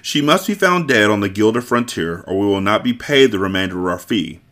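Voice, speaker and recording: A man's voice: fairly low pitch, expressive, brisk, a bit bright. A man voicing a conceited, scheming Sicilian kidnapper in a storybook reading, talking in a smug, bossy way.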